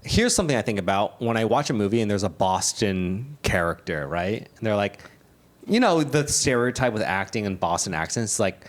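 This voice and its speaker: Joking man with a lively voice. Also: lowish voice, moderate pace. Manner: joking, slips into mock voices. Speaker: podcast co-host. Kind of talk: casual chat.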